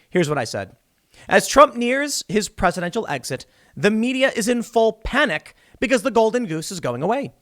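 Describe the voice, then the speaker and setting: A mocking, sarcastic male commentator in his thirties holds forth alone. His voice sits fairly high, and he talks in an animated way, leaping up and down in pitch. The delivery is a casual monologue. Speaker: political commentary host.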